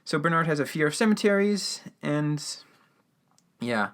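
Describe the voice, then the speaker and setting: A man's voice: a little high, lively intonation, normal speed, fairly bright tone. Rambling man recapping a radio episode. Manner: rambling, with many fillers and restarts. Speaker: podcast host.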